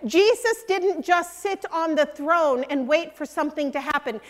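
An older woman preaching a sermon, earnest and emphatic, sometimes dropping to a hush. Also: sits high, moderate pace, few pauses. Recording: long hall reverb.

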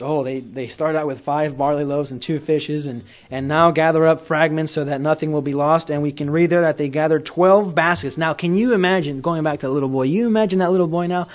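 A man preaching a sermon in a conversational storytelling way, swinging between loud and soft. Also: a little high, steady tone, fairly quick, few pauses, lo-fi sound.

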